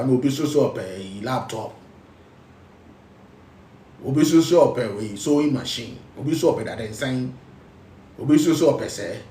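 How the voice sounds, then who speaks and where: A man's voice: medium pitch, expressive, normal speed, pauses often, warm tone, echoey room, far from the mic, a little hiss or hum. A man with a Ghanaian accent, speaking as a spiritual teacher, emphatic and repetitive, switching between English and local phrases. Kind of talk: preaching talk.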